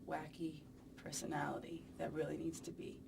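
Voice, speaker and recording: A woman's voice: deep voice, little pitch movement, moderate pace, vocal fry, distant mic, noisy background. A woman singer giving a casual press interview, chatty and playful, rambling with plenty of fillers. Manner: chatty, playful and rambling, many "you know"s. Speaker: pop singer being interviewed. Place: press event.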